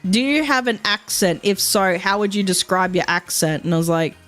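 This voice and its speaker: A young Australian woman streaming, telling a story in animated casual chat, laughing often and swearing freely. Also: medium pitch, normal speed, soft background music.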